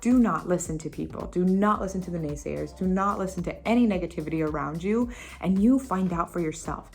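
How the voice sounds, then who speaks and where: A woman's voice: lowish voice, brisk, soft background music. Emphatic woman giving motivational advice. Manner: emphatic, repetitive exhortations; playful, laughs at her own impressions. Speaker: motivational vlogger. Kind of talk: casual motivational talk to camera.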